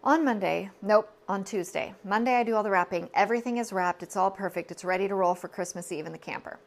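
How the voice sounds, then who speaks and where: A woman's voice: mid-range voice, quick pace. A woman, telling a personal story on her podcast in an earnest, confiding way, full of asides and self-corrections. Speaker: podcast host.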